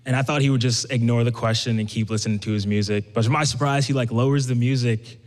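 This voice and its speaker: A man's voice: mid-range voice, fast talker. A young man from Brooklyn telling a personal story on stage, conversational and acting out the people he quotes. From Brooklyn, USA. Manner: conversational, animated quoting. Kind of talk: live storytelling. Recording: echoey hall.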